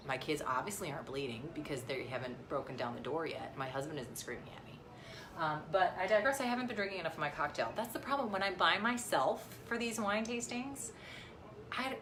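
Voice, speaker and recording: A woman in her thirties, a mom chatting on a casual live stream, rambling with lots of fillers and restarts. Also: low voice. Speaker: vlogger and mom. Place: outdoors near the beach. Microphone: phone live stream.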